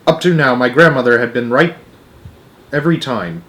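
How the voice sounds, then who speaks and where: Expressive young man reading aloud. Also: mid-range voice, moderate pace. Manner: expressive, with small slips and restarts. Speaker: storyteller. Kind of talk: reading a children's book aloud.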